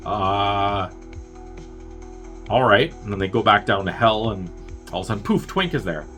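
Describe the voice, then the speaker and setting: A man's voice: expressive, normal speed, sharp tone, soft background music. A man casually recapping a film's plot in a rambling way, acting out the characters' lines in bursts. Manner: rambling, acts out characters' lines with jumps in pitch. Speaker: podcast host reviewing a film.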